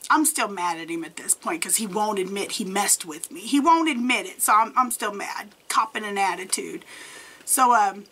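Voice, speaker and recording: A woman's voice: medium pitch, normal speed, husky. A woman in her forties telling a true story casually, acting out the dialogue and laughing often. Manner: animated, acts out quoted dialogue, laughs often. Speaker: storytime vlogger.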